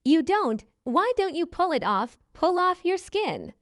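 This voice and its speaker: A synthetic woman's text-to-speech voice reading out viewer messages in a flat, mechanical way. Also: very high-pitched, a little slow, no echo, clean studio sound.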